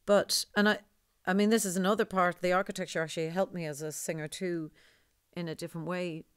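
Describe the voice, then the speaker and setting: A woman with a deep voice, a singer talking in an interview in a rambling, digressive way. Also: fairly even intonation, fairly quick, smooth, no room sound, clean studio sound. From Ireland. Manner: rambling, digressive, laughs often. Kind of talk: conversational interview.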